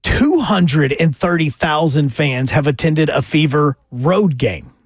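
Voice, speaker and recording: Excitable sports radio host, slightly high voice. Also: male voice, dry recording, studio quality. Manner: chatty, reads stats and takes calls, quick to get excited. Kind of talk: casual sports radio chat.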